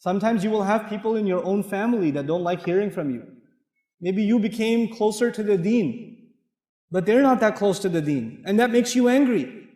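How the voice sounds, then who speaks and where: Animated man preaching in an echoey hall. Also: high-pitched, moderate pace. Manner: animated, swings between loud and hushed, laughs often; acts out dialogue in his stories. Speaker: Islamic speaker. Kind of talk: lively sermon lecture.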